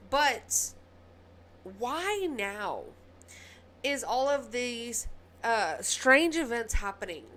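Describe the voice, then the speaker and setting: A woman with a Southern US accent hosting casual news commentary, ranting heatedly and then quickly apologizing. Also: on the high side, fairly bright tone, slight background noise.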